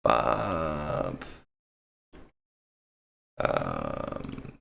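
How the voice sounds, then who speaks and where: Low-voiced guy streaming a game, crisp bright tone, rambles to chat with lots of ums. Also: animated, unhurried. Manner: rambling, filler-heavy, talks to chat. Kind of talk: casual gaming stream chat.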